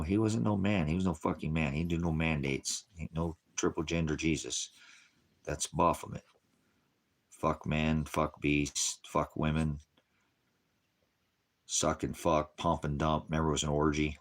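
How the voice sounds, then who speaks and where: Very deep-voiced man ranting. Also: level tone, a little slow. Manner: combative, mocking and profane; chuckles often between remarks. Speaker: online preacher. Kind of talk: ranting livestream sermon answering comments.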